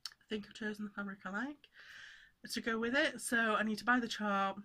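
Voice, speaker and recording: A woman's voice: mid-range voice, steady tone, brisk, pushed and bright. A woman chatting casually to camera in a home stitching vlog, rambling and breaking off her sentences. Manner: chatty, rambling, self-interrupting. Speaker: cross-stitch vlogger.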